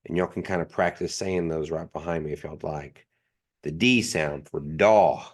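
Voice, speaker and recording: A man's voice: a bass voice, normal speed. A man teaching a language class, patiently repeating each sound three times in a pronunciation drill.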